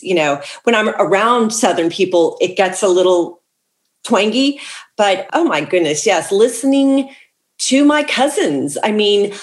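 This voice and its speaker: A talkative woman author in a casual interview, rattling off stories with lots of asides and easy laughter. Her voice sits at an ordinary middle pitch for a woman. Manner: chatty, laughs often, quick asides. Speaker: author guest.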